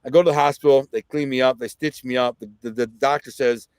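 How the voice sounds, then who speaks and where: A middle-aged man from Detroit recounts a story as a podcast guest. He speaks casually, leans on fillers and acts out what others said. His voice sits at an everyday pitch, recorded close and dry. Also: fast talker, clear, resonant tone, no room sound. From Detroit, USA. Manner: vivid, excited storyteller who acts out quotes; conversational, with frequent fillers and "right?".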